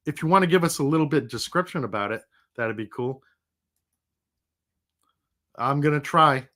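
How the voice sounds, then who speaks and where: A man's voice: mid-range voice, a bit bright. Rambling middle-aged man chatting on a livestream. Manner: rambling, chatty, laughs easily. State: sick, recovering. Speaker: livestream host. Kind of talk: casual livestream chat.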